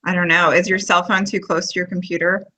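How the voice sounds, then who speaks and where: A woman's voice: fairly low pitch, little pitch movement, quick pace, bright, forceful tone. A woman hosting a casual live-stream chat on her phone, chatty and easily amused. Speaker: host of a live video chat. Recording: muffled lo-fi phone audio.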